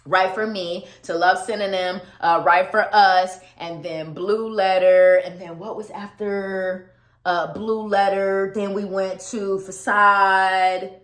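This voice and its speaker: A woman vlogging an album review, gushing and animated, often laughing and repeating words for emphasis. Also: mid-range voice, slow. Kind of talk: casual excited vlog talk. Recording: echoey room.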